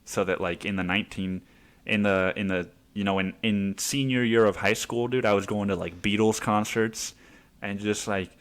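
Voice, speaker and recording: A man's voice: on the low side, fairly even intonation, normal speed. A man in his twenties hosting a podcast, rambling casually with lots of swearing and laughter. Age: 20s. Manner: rambling, profane, laughs often. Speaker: podcast host. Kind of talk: casual monologue.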